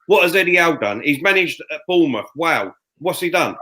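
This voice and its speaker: Fuming, loud man ranting. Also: fairly high pitch, lively intonation, a little fast, rough recording. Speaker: fan show co-host. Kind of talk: heated fan podcast rant. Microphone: headphones and studio mic.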